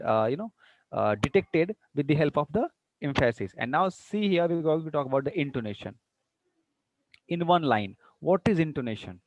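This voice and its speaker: Teacher, dry close sound. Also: male voice, fairly high pitch, darkish tone, dry recording, rough recording. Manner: repeats example sentences with stress, checks students often. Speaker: English teacher. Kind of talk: online class lecture.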